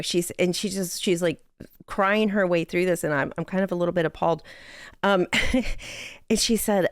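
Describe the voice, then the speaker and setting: A woman with a smooth, rather low voice tells a personal story in conversation. She talks candidly and chattily, full of "like" and "um", and laughs lightly through the sad parts. The sound is close and dry. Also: steady tone, moderate pace, no echo. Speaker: widow sharing her story.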